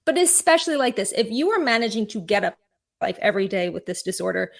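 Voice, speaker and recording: A woman therapist speaking as an interview guest, explaining advice clearly and repeating key phrases. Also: mid-range voice, very animated, quick pace. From California.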